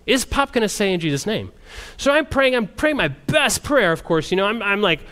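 A man who works as a missionary, telling a story to a group in an animated way and often restarting his sentences. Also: high-pitched, moderate pace, hardly any pauses, smooth. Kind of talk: storytelling testimony talk.

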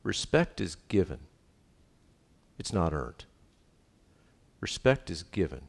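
Pastor, middle-aged man, low voice, emphatic with jokes, repeats key lines. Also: big pitch swings, takes it slowly, creaky, breathy edge. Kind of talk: sermon.

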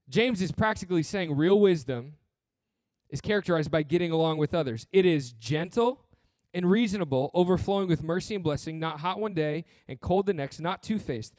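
A man's voice: a little high, brisk, a little mellow, no room sound, clean studio sound. A man preaching a sermon as pastor, earnest and blunt, with touches of humor and repeated phrases.

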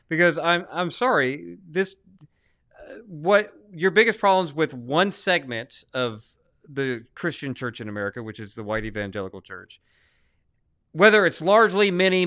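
A man's voice: on the high side, smooth. A man with a Southern US accent, co-hosting a podcast in casual debate, talking emphatically with frequent restarts. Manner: emphatic, restarts often, lively swings in loudness. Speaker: podcast co-host.

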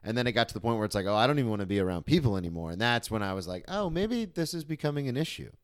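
A young man hosting a casual podcast chat, relaxed and talkative, asking follow-up questions. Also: mid-range voice, racing, clear, resonant tone, no echo, clean studio sound. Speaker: podcast host.

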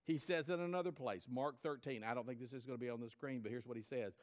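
A man preaching a sermon to his church, emphatic, rising high and loud then dropping low and quiet. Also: quick pace, few pauses. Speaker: pastor.

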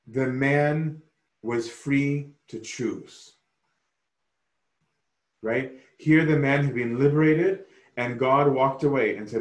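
A man preaching a sermon slowly and emphatically, often pausing to ask "right?". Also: mid-range voice, echoey room. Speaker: pastor.

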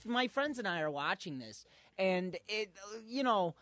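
A man in casual podcast chat, his pitch swinging wildly as he gets worked up, laughing and swearing as he talks. His voice is mid-pitched and sits very close and dry, with no room sound. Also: unhurried, no echo. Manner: animated, swings high when worked up, laughs and swears often.

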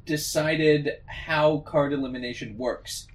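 A man's voice: fairly high pitch, fairly even intonation, takes it slowly, crowd noise. Hesitant Canadian man in casual chat. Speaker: podcast co-host.

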